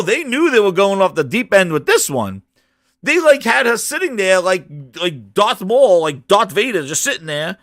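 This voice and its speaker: A man rants about a show, his high voice swinging all over the place. He mocks it with squeaky, shouted questions, and his bright tone sits dry and close to the mic. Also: normal speed, dry recording. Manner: animated, mocking, shouts high-pitched "who this?". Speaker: gaming channel host. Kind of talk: ranting show reaction.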